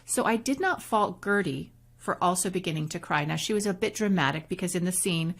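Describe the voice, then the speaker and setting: A woman co-hosting a podcast, chatting casually and recapping a reality show in an animated, storytelling way. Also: lowish voice. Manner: animated, storytelling, quick recaps with acted quotes. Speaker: podcast co-host. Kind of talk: casual chat reviewing reality TV.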